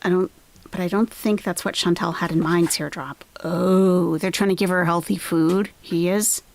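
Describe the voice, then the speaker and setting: A woman's voice: lowish voice, fairly even intonation, moderate pace, creaky. A woman hosting a live-stream reaction, making sarcastic, mocking asides about the person on screen. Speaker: reaction channel host.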